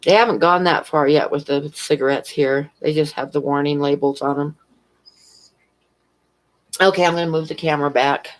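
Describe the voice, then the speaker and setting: A woman's voice: low-pitched, fairly even intonation, normal speed, long pauses, low-quality recording. Lady chatting on her stream at home, rambly and giggly, camera mic. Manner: rambling, chatty storyteller who laughs often. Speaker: convenience store clerk. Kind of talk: casual chat on a live stream. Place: at home, near a fish tank.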